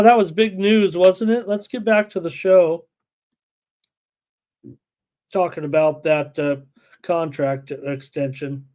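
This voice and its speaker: A man hosting a live sports betting show, excitable and full of "uh" fillers, reading viewer chat aloud. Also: fairly high pitch.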